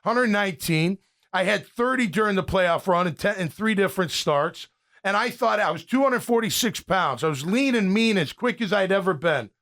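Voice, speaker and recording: A man in his fifties with a high voice hosts a casual sports talk show. He rants in a fired-up way, often starting his sentences over as he goes. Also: lively intonation, moderate pace, a bit bright. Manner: fired-up, ranting, with frequent restarts. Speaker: podcast host and former pro linebacker.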